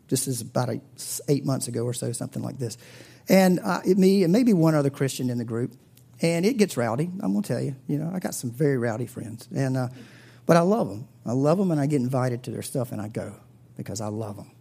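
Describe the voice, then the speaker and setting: A man preaching a sermon, telling a story with big swings in pitch and loudness and dropping to a breathy whisper at tender points. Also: expressive, brisk. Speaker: pastor.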